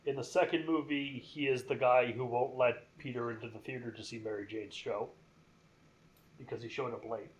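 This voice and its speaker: A man's voice: mid-range voice, steady tone, moderate pace. A man co-hosting a casual gaming podcast, rambling enthusiastically through game and movie trivia. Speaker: podcast co-host.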